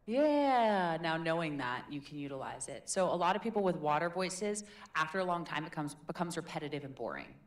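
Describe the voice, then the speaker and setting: A woman coaching public speaking in a live workshop, energetic and playful, demonstrating different voices. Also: low-pitched, fairly quick. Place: workshop room with audience.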